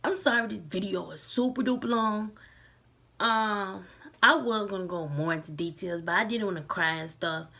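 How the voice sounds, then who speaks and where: A woman's voice: mid-range voice, moderate pace, gravelly, sharp tone. A young woman talking casually to her camera, loose and candid, with many likes and restarts. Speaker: vlogger.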